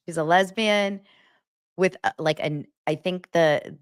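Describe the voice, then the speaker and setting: A woman's voice: fairly low pitch, takes it slowly, no room sound, studio quality. A woman in her forties hosting a casual livestream chat, laughing often and reading viewer comments aloud. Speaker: livestream host.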